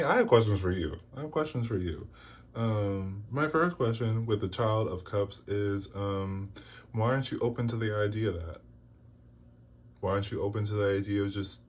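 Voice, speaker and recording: A man's voice: on the low side, breathy edge. A man giving a casual tarot reading to camera, exasperated and scolding, with lots of rhetorical questions. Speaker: tarot reader.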